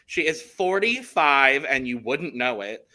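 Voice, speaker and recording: A man with a very bright, forceful voice, chatting casually as a podcast co-host. He reads out details with plenty of enthusiasm. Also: mid-range voice, expressive, unhurried. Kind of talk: casual chat.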